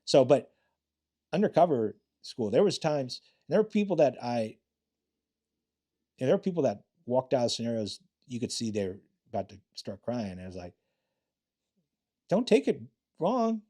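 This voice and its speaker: Blunt, profane middle-aged man with a mellow voice. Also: medium pitch, animated, moderate pace. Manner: blunt and profane, acts out quotes in other voices. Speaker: retired homicide detective, podcast guest. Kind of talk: casual storytelling interview.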